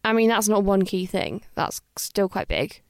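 A woman co-hosts a podcast in relaxed casual chat, answering with wry, dry jokes. Her voice has a middle pitch. It is recorded dry and close, with no room sound. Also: moderate pace, creaky, no room sound. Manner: dry, wry and joking, laughs easily. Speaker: podcast co-host.

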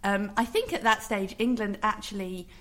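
A woman on a podcast panel, speaking quickly and thoughtfully as she works through figures. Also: mid-range voice, fairly bright tone. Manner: quick, thoughtful, citing stats. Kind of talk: casual chat.

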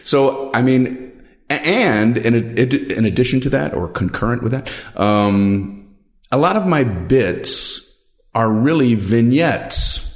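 A male stand-up comedian answering interview questions in a thoughtful, halting, self-deprecating way. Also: mid-range voice, animated.

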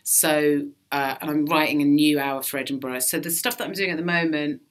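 A woman comedian talking as a podcast guest, animated, swearing freely and often laughing. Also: low voice, a little fast. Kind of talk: casual podcast interview.

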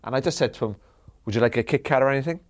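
A comedian on a panel show telling a comic anecdote, acting out the quoted lines. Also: male voice, mid-range voice, racing. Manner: building a story with acted-out quotes.

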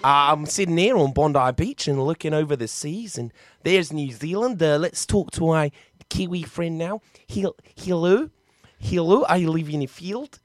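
A man's voice: on the high side, expressive, moderate pace, no echo, lightly acted. A man doing a hammy fake Australian bloke. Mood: goofy. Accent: put-on Australian. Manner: clumsy, self-mocking impression. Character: man faking an Australian then New Zealand bloke.

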